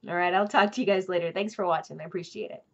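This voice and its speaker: A woman's voice: fairly low pitch, fairly even intonation, very fast, creaky, lo-fi sound. A woman hosting a crafting vlog from home, chatting casually and rambling with lots of ums and asides. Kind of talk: casual chat to camera.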